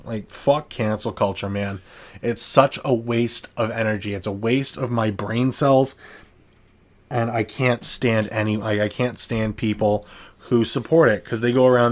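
A young man from Canada hosting his own podcast, ranting bluntly with heavy swearing and frequent restarts. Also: mid-range voice. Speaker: podcast host. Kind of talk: solo podcast rant.

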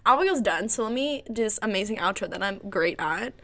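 Bright-voiced giggly young woman podcaster. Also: mid-range voice, expressive, brisk. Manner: giggly, chatty, self-mocking. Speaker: podcast co-host. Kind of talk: casual chat.

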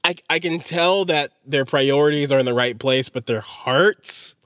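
Man, podcast co-host, casual rambling chat, somewhat high voice, dry close sound. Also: a little slow, a bit bright, clear, resonant tone, dry recording. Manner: rambling, self-deprecating, laughs often.

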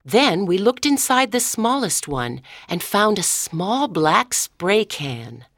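A woman reading a story aloud as narrator in a clear, measured storytelling manner. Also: mid-range voice, very animated, a bit bright, no room sound, studio quality.

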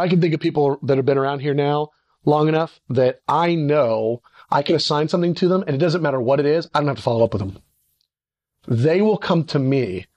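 A middle-aged man, a ministry leader, giving a conversational leadership teaching and acting out little dialogues. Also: no echo. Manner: animated, acts out little dialogues with sudden pitch jumps.

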